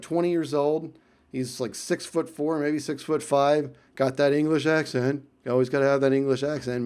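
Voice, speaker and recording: A man telling a story to camera in a casual vlog, chatty and animated, with frequent asides and fillers. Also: medium pitch.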